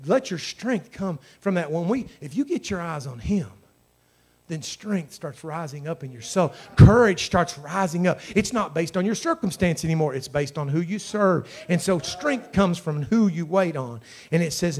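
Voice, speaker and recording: A man preaching a sermon with passion, dropping to a hush and then building to loud, ringing calls. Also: sits high, lively intonation, moderate pace. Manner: impassioned, swinging from hushed to shouting.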